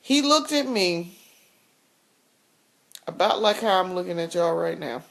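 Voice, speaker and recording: A woman's voice: lowish voice, expressive, measured pace, gravelly. A woman vlogger telling a story in a casual, blunt rant, swearing freely and laughing often.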